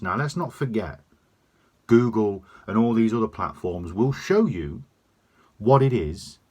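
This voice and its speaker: A man's voice: fairly low pitch, slightly rough. A man delivering a sweary, emphatic opinion rant to camera. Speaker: vlogger.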